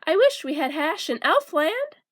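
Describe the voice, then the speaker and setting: A woman's voice: very high-pitched, sing-song, moderate pace, voice pushed up. A woman reading a children's storybook aloud, voicing a small cheerful male elf who talks eagerly and gleefully.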